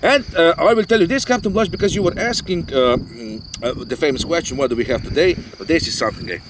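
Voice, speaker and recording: Brief: high-voiced male host, jokey and rambling, outdoor field recording with loud insect noise. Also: fast talker. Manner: joking, rambling, non-native phrasing. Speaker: channel host, RC pilot. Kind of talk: casual outdoor chat.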